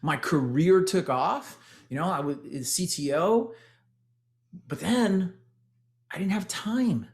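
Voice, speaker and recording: Speaking slowly in a high, animated voice, this former tech executive in his forties shares his fitness story with a Texan accent. He's energetic and motivational, calling his listeners "guys" again and again.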